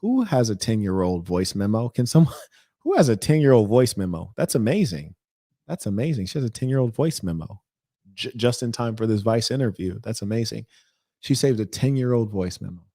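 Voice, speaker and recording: A man's voice: fairly low pitch, very animated, a little fast, dark tone, no room sound, clean studio sound. A man hosting a reaction video, speaking in an indignant, rambling and emphatic way. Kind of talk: reaction commentary.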